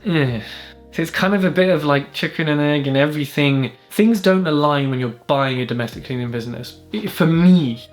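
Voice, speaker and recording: A man from the UK, a business mentor, telling a deal story to camera in a blunt, sweary, animated way. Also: fairly high pitch. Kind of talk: casual monologue to camera.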